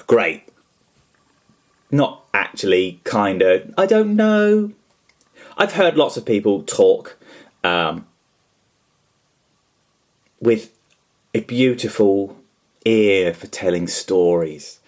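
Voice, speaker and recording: A man's voice: deep voice, animated, takes it slowly, pauses often. A man, vlogging in a casual, rambling way about customising toys, self-deprecating and enthusiastic as he chats. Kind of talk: casual chatty vlog.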